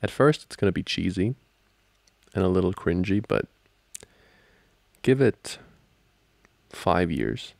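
A young man speaks in a whispered role-play as a gentle boyfriend, his low voice slow and textured with fry. He sounds playful and soft, chuckling between thoughts and letting his pitch roam widely. The recording is dry and close to the mic. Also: no room sound. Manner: soft-spoken, playful, laughs often.

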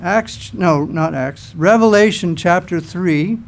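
A man preaching a sermon to a church congregation, telling scripture stories in an animated way. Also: high voice, takes it slowly, gravelly. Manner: animated storytelling, acts out scenes.

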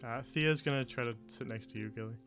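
A man narrating as game master of a tabletop game, relaxed and chuckling, with many pauses. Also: medium pitch, soft background music.

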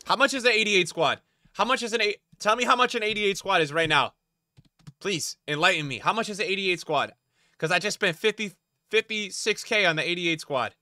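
Bright-voiced man streaming and venting. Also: high-pitched, brisk, no echo, clean studio sound. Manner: swears and vents at chat, swinging from mumbling to yelling. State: tired. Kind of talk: live-stream gaming chat.

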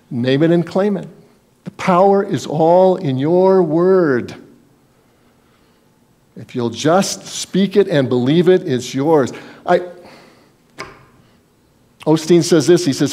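A male pastor delivers an emphatic sermon, posing rhetorical questions to the congregation and shifting between loud and hushed tones. His voice is on the high side, expressive, and a little slow.

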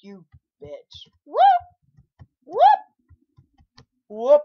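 A young man rages through his gameplay commentary, swearing and shouting at the screen. His voice sits high and leaps all over the place, but he drags his words out slowly. The recording is dull and lo-fi. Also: expressive. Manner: raging, swearing, yelling at the game. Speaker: gamer.

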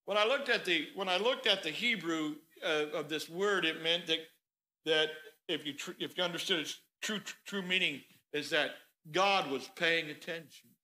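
A male pastor delivers a sermon in a church sanctuary with a notably high-pitched voice. His tone is very bright and cutting. He tells the story in an animated, conversational way. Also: normal speed, low-quality recording.

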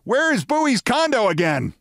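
A man putting on a blustering businessman shouting across the street impatiently. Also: extremely high pitch, wildly swooping pitch, measured pace, vocal fry, no room sound, clean studio sound, voice pushed up, heavily acted. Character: blustering middle-aged businessman shouting from a limo.

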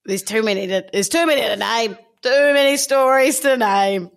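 A woman's voice: fairly high pitch, moderate pace, vocal fry. A woman co-hosting a podcast in casual chat, cheeky and teasing. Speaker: podcast co-host.

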